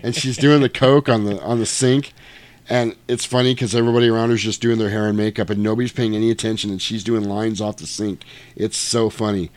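A man's voice: fairly low pitch, steady tone, brisk, a little mellow, no echo. A man in casual chat, retelling a film scene, acting out the dialogue and swearing freely.

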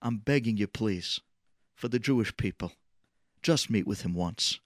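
A man voicing a humble, hesitant man who speaks low and pleads quietly. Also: a little slow, no room sound, clean studio sound, close to an everyday voice. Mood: pleading. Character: humble, hesitant middle-aged man, soft-spoken.

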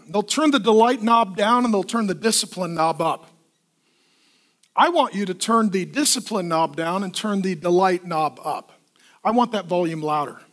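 A man preaching a sermon as pastor, telling stories in an animated way, acting out voices and asking the congregation to answer back. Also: very high-pitched. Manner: animated storytelling with acted kid voices, asks the congregation for responses.

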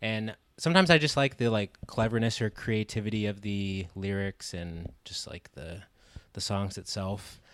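A man's voice: lowish voice, moderate pace, hardly any pauses, a bit bright, dry recording. A man in a casual film chat, speaking in a laid-back, hesitant way with many fillers.

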